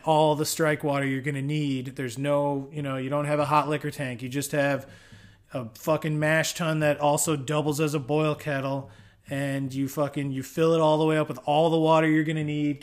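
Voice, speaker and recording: A man talks through homebrewing gear in a loose, rambling monologue, full of swearing and fillers. His voice sits a little above typical male pitch. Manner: rambling, profane, frequent fillers. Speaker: homebrewing show host. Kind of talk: casual explainer monologue.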